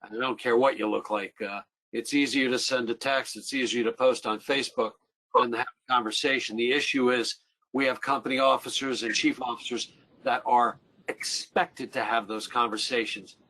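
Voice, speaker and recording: A man's voice: mid-range voice, fairly even intonation, moderate pace, sharp tone, low-quality recording. A man moderating a panel discussion on a webinar, talking conversationally as he sums up points and hands off to panelists. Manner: conversational, paraphrasing and prompting.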